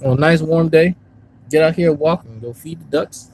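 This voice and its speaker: Speaking at normal speed in a slightly high, slightly mellow voice, a YouTube commentary streamer rambles and curses on a casual live stream. He addresses his chat outdoors in a park and afterward from a parked car, all on a rough recording.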